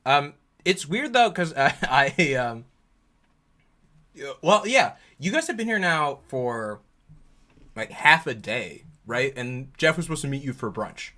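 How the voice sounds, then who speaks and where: A man's voice: fairly high pitch, expressive, measured pace, bright, forceful tone. A man running a tabletop game as game master, joking and rambling with many fillers.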